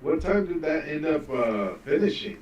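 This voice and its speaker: A man's voice: on the high side, big pitch swings, moderate pace, a little mellow, breathy edge. A man in casual chat, mostly giving short agreeing replies. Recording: echoey room, off-mic.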